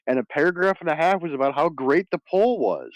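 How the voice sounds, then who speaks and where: A man's voice: a little high, expressive, fast talker, dry recording, dull audio. A man hosting a casual chat, telling stories with mocking impressions and frequent laughter. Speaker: stream host.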